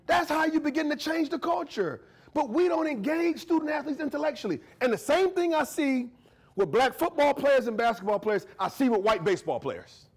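A man giving a lively, conversational guest lecture as a history professor, joking and often checking in with his audience. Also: very high voice. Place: university lecture to a live audience.

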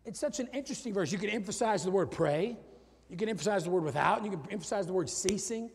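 High-voiced preaching man, shouting then hushed. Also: animated, fast, gravelly, breathy edge. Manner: swings between loud shouted peaks and low quiet asides. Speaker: pastor. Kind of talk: sermon. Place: church sanctuary with long reverb. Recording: reverberant church hall.

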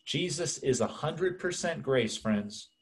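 A man's voice: on the high side, expressive, slow pace. A man preaching a sermon as pastor, earnest and conversational, speaking to the congregation as friends.

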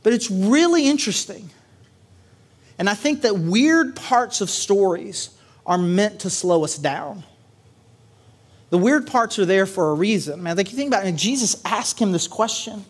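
A man with a notably high speaking voice delivers a church sermon in a relaxed, storytelling way. He talks casually, full of fillers and quick check-ins with the congregation. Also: slightly rough. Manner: animated, casual, many fillers and "right?" tags. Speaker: pastor. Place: church service.

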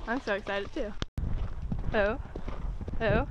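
A woman on horseback talking to her horse as she rides, excitedly praising and urging it on. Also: high-pitched, moderate pace. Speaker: rider filming on a helmet camera. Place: outdoor cross-country course on horseback. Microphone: helmet camera. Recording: dull muffled helmet-cam audio with wind and hoof noise.

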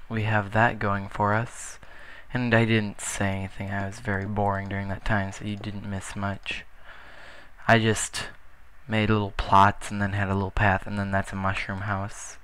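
A man's voice: fairly low pitch, fairly bright tone, slight background noise. A young man casually commentating his gameplay, rambling with self-deprecating jokes. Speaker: gaming channel host. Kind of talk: casual Let's Play commentary.

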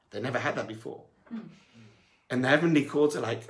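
A male rabbi giving a sermon, telling a story with animated delivery that moves between hushed and emphatic. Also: mid-range voice, fairly quick, long pauses.

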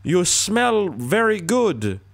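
Dude doing a sappy canadian guy, drawn out compliments, high and swoopy. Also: gravelly, full character voice. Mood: gushing. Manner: slow, gushing, over-flattering. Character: syrupy sweet-talking young Canadian guy.

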